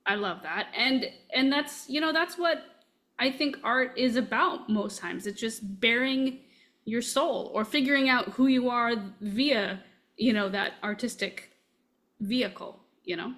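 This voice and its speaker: A woman's voice: on the high side, a little slow, fairly bright tone. A woman hosting a podcast in a casual interview, speaking in an effusive, affirming way. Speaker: podcast host.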